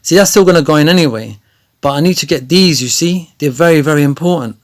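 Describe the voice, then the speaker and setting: A man giving chatty, rambling gameplay tutorial commentary that often turns excited. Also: fairly high pitch, fast talker, a little hiss or hum. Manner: chatty, rambling with many fillers, grows excited. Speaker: gaming video creator.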